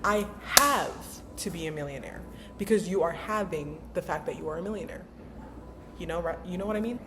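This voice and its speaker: A woman's voice: mid-range voice, slight background noise. A young woman vlogging casually about mindset, chatty and emphatic, with lots of slang. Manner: chatty, emphatic, slangy, acts out inner voices. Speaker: self-help vlogger. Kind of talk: casual motivational talk.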